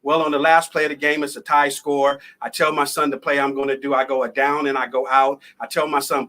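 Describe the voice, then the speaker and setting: In a lively, conversational manner, a male motivational speaker relates a personal story live on a video call. His medium-pitched delivery is brisk, with hardly any pauses.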